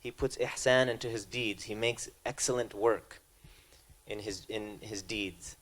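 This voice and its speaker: A man's voice: on the low side, fairly even intonation, unhurried, a bit bright. A man giving a spiritual lecture, speaking conversationally and telling stories, often restarting his phrases. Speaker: speaker at a religious talk.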